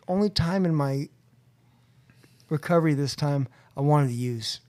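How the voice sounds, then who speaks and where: Podcast guest, male, somewhat high voice; lively storyteller who acts out quotes, then drops quiet. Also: unhurried, pauses often. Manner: animated, acts out quotes with rising pitch and loudness; drops to a quiet, low voice when reflective. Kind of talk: storytelling in a recovery podcast interview. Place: room at a convention.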